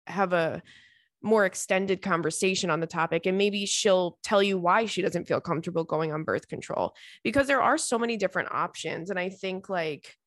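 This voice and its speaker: A woman's voice: fairly low pitch, dry recording, studio quality. Chatty young woman podcast host. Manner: chatty, rambling, lots of likes and ums. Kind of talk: casual chat reading listener messages.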